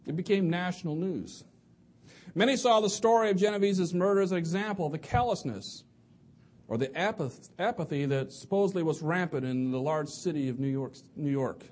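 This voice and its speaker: A man's voice: on the high side, a little fast, a little mellow. A man giving an evening sermon to a congregation, talking conversationally and often restarting or repeating words. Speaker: preacher.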